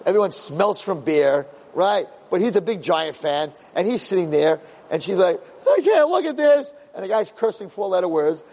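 A man giving a lively Torah lecture as a rabbi, acting out quotes in a storyteller's manner and building to excited peaks. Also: high-pitched, normal speed, hardly any pauses, poor audio.

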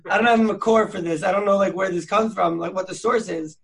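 A man's voice: high-pitched, steady tone, fast, vocal fry. A man hosting a podcast, teaching Torah sources in a chatty, slangy way with many fillers and restarts. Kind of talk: casual learning chat.

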